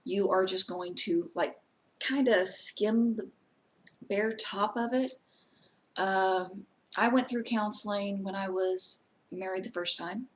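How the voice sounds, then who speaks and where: A woman vlogging in a casual talk to camera, plainspoken and earnest, giving direct advice with frequent pauses. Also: medium pitch, fairly bright tone, low-quality recording.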